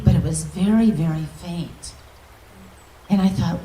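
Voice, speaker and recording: A woman minister telling an emotional testimony in a storytelling manner, often dropping to a soft, near-whispered voice. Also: on the low side, a little slow, pauses often. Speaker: guest minister. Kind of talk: testimony preaching. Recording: echoey hall, distant mic.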